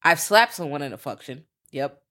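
A woman's voice: low-pitched, lively intonation, moderate pace, sharp tone. A woman in her thirties co-hosting a podcast, chatting casually and profanely about a movie and acting out scenes in voices. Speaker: podcast co-host. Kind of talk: casual movie review chat.

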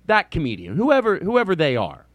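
A man's voice: high voice, huge pitch swings, normal speed, dry recording. A man hosting a comedy podcast in a casual monologue, drifting off on tangents, restarting his sentences and chuckling as he tells stories. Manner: digressive, restarts and sidetracks; chuckles while telling stories.

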